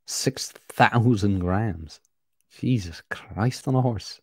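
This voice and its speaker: Man rambling on his stream to chat, lowish voice, dry close sound. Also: slow pace, a little mellow, dry recording. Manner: rambling, reads and answers chat comments. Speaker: podcast host. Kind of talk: casual livestream chat.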